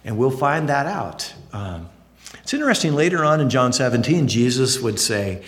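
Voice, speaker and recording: Male pastor, sermon, earnest, conversational, very lively pitch, long hall echo. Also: normal speed. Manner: earnest, conversational, swings between high emphatic and low quiet phrases.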